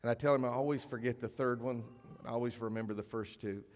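A man preaching a sermon as a pastor, in a conversational style, slowing down for emphasis and sometimes dropping almost to a whisper. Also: mid-range voice, steady tone, a little mellow. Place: church sanctuary. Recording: long reverb of a church hall.

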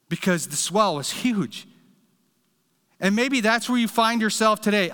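A man's voice: sits high, moderate pace, a bit bright, big-room sound. A man preaching a sermon, telling a story in an earnest, direct way. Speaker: pastor.

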